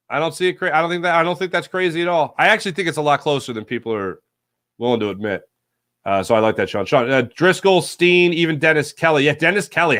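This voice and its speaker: A man's voice: a little high, fairly bright tone, dry recording, studio quality. A man hosting a casual sports talk stream, reading viewer comments aloud and reacting in a rambling, jokey, self-correcting way. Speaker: sports talk show host.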